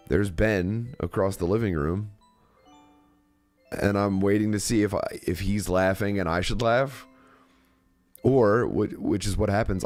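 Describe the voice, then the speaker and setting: A man with a low voice rambles through a story to his stream, interrupting himself and swearing freely. His pitch swings widely as he tells it, and faint music plays behind him. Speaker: streamer host. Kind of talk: casual storytelling to a live chat.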